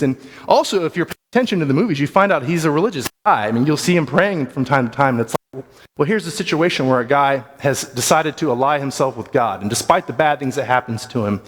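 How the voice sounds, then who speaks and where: Man, church bible class teacher, medium pitch, plain-spoken, long hall reverb. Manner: casual, plain-spoken, thinking aloud. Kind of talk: conversational Bible class talk.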